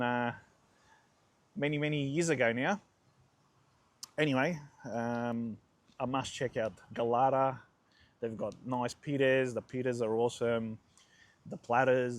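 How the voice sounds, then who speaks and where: A man in his forties with an Australian accent, chatting casually as a food vlogger and rambling through anecdotes. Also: mid-range voice. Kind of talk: casual food vlog storytelling.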